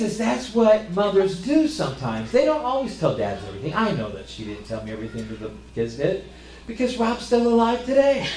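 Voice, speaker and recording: A pastor delivering a sermon, telling rambling family stories with false starts and self-deprecating humor. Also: male voice, sits high, roomy sound, slight background noise.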